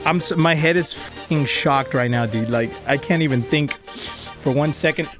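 A young man playing a horror game, swearing, pleading and shouting in panic. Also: on the high side, moderate pace, music in the background. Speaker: VR gamer and host. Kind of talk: panicked gaming commentary.

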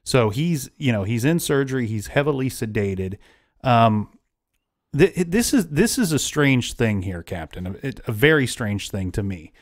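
A man's voice: medium pitch, sing-song, measured pace. A man hosting a casual true-crime podcast, retelling events at length with frequent restarts. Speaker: podcast host.

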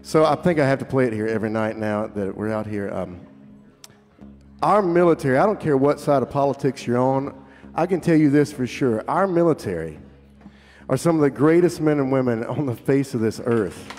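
A man's voice: medium pitch, animated, moderate pace, darkish tone. A man, a singer-songwriter, chatting casually and joking with a live audience between songs, swearing freely. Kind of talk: casual stage banter. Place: live concert venue. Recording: live hall reverb with faint guitar.

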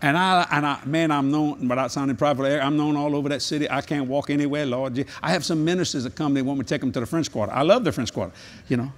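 An older man preaching a humorous sermon at a convention, telling jokey stories and breaking into sudden high-pitched exclamations. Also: fast talker. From New Orleans, Louisiana. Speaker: evangelist. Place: large convention hall.

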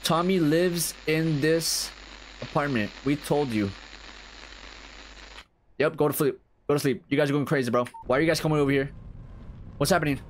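A young man streaming a horror game, reacting with crude, excitable commentary and reading on-screen text aloud. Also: on the high side, moderate pace, long pauses, a little hiss or hum. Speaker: gaming streamer.

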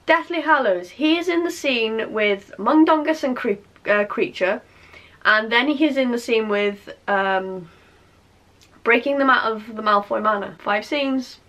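A young woman vlogging, chatty and animated, with lots of fillers and repeated emphasis. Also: on the high side, a little slow. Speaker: YouTuber. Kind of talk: casual vlog chat.

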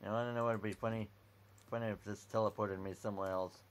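A man's voice: on the low side, little pitch movement, fast. A man giving casual, dry commentary while playing a computer game, reading on-screen text aloud at a desk mic. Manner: offhand, dry, reads out on-screen text, keeps saying "alrighty". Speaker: gameplay video maker.

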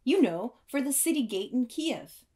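A woman doing an eager young architect. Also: normal speed. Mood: excited. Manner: excited, high and bright.

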